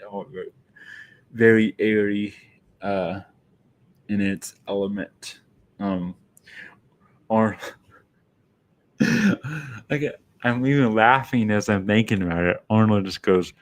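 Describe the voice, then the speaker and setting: A man's voice: on the low side, slow pace, long pauses. A man giving a casual film review monologue, rambling and often restarting his sentences.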